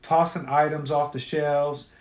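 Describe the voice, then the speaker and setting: A man's voice: fairly high pitch, little pitch movement, a little slow, echoey room. A man telling a crude story in a profane, offhand way.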